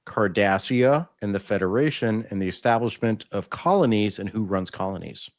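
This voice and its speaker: A man's voice: on the low side, lively intonation, moderate pace. A man hosting a TV review podcast, reading a scripted intro and then explaining plot points in casual chat. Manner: explanatory, with frequent fillers and restarts in chat. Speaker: podcast host reviewing TV episodes.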